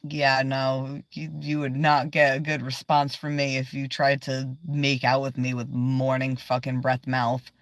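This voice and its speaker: A woman's voice: very deep voice, completely flat delivery, measured pace, hardly any pauses, dry recording. A woman livestreaming from inside her car, chatting casually, swearing often and laughing a lot as she rambles.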